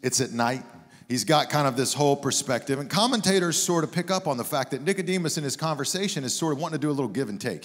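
A man's voice: medium pitch, lively intonation, quick pace. A man preaching a sermon as a guest pastor, telling stories in a conversational, joking way. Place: church sanctuary. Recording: long hall reverb.

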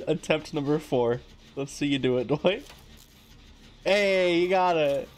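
A woman's voice: low voice, very animated, slow pace, noisy background. A woman streamer giving live gameplay commentary, laughing often and swearing freely.

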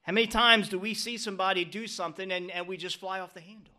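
Middle-aged male pastor, high bright voice, earnest preaching with call-and-response "Amen?" checks. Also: steady tone, fast. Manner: preaching with frequent "Amen?" calls to the congregation. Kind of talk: sermon.

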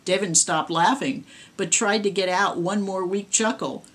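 A woman, the author, reading her own horror story aloud in a measured storytelling way. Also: medium pitch, a bit bright.

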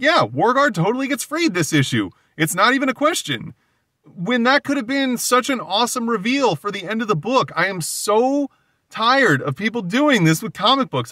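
A man's voice: sits high, sharp tone, dry recording. A man hosting a casual solo comic book commentary, talking animatedly with frequent fillers and exasperated asides.

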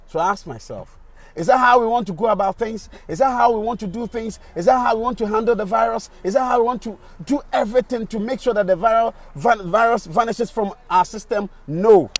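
A man's voice: high-pitched, a little fast. Indignant Ghanaian man reporting outdoors. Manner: indignant, repeats rhetorical questions, mixes English and Twi. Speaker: radio presenter and vlogger. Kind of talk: on-the-spot video commentary. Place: outdoors on a city street.

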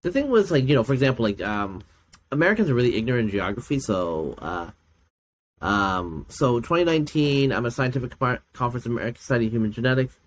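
Animated man telling stories. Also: fast, a little hiss or hum. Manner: animated storyteller, acts out quoted people with big pitch jumps; laughs often, many fillers. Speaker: podcast guest, geneticist. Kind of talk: casual chat.

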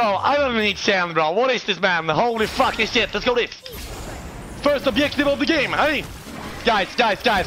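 A young man, loudly and excitably commentating his own live gameplay, swearing and shouting at teammates. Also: very high-pitched. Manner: loud, excitable, profane, often shouting at teammates. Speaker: game streamer.

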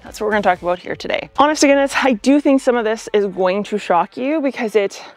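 A Canadian woman with a hoarse, slightly rough voice talks through a gardening topic in an upbeat, chatty way, tossing in jokes as she explains. Her pitch sits in an ordinary middle range, and soft music plays faintly underneath. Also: fairly quick. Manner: upbeat, chatty, joking asides. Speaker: gardening educator. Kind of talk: casual explainer video.

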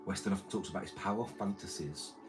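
Man, deep voice, casual stream banter, crude, mumbly, loud background music. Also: fast talker. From Britain. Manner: rambling, crude banter with chat, mumbled asides. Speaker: livestreamer reading chat. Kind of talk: casual livestream chat. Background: music playing.

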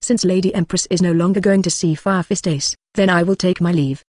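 A text-to-speech narrator reading the lines of a respectful male prison warden in its usual flat voice. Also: medium pitch, fairly quick, no room sound, studio quality, natural voice. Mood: formal.

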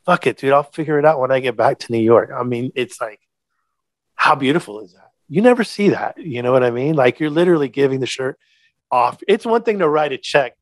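A middle-aged man speaks as a podcast guest in an open, heartfelt storytelling manner. His voice sits in an ordinary male pitch, recorded dry with no room sound. He leans on words for emphasis and swears casually. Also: expressive, brisk, no echo. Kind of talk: candid storytelling.

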